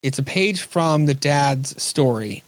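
A man hosts a relaxed podcast chat, walking through a comic's scenes in a loose, rambling way. His voice sits at a medium pitch. It is recorded dry and close to the mic. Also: slow, dry recording. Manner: rambling, recaps scenes, acts out quoted lines. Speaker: podcast host. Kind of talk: casual chat about comics.

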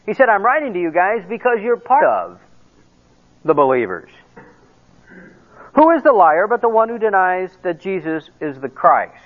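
A middle-aged male pastor preaches in a high, very lively voice. He acts out quoted conversations and drops asides. The sound is tinny, like a phone line. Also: normal speed, pauses often. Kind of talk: sermon.

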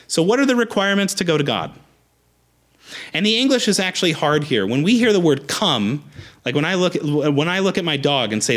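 A young adult man preaching a sermon as a pastor, emphatic and animated, repeating rallying phrases. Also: on the high side, moderate pace.

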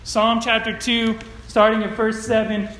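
A man's voice: sits high, monotone, measured pace, a bit bright, a little hiss or hum. A male pastor preaching a sermon to a congregation, moving from earnest storytelling to emphatic declarations. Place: church sanctuary with congregation. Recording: roomy church echo.

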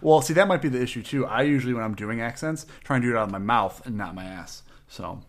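A man's voice: medium pitch, expressive, fast talker. Playful laughing man at a desk. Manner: playful, laughs often, rambling. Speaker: podcast co-host. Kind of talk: casual chat building a game character. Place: at home at a desk.

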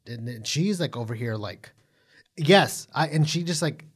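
A man's voice: mid-range voice, measured pace, breathy edge. Chatty man recapping a reality show. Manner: animated, swears, full of fillers and restarts. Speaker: podcast co-host. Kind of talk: casual recap chat.

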